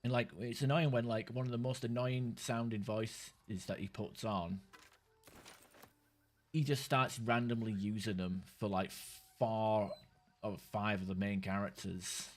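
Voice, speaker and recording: A man's voice: on the low side, steady tone, measured pace. A man giving casual commentary while playing a video game, rambling in stop-start bursts, swearing freely and chatting with viewers. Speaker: gaming streamer.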